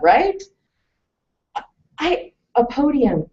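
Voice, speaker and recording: A woman presenting a lively talk to a live audience, telling stories and asking questions. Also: mid-range voice, moderate pace. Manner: animated storytelling, asks the audience questions. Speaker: webinar presenter. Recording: distant mic, muffled lo-fi sound.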